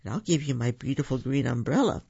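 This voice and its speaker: A man voicing a small, frightened boy who pleads eagerly, in a storybook reading with a husky voice on a dull recording. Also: mid-range voice, lively intonation, fast talker, warm tone, pitched below the performer's own voice. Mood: pleading.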